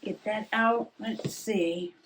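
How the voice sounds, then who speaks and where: A woman hosting a relaxed, chatty journaling vlog at her craft table, musing aloud with soft laughs. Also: medium pitch, slow pace, background noise. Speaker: journaling vlogger. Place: home craft table indoors. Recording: voice a little distant from mic.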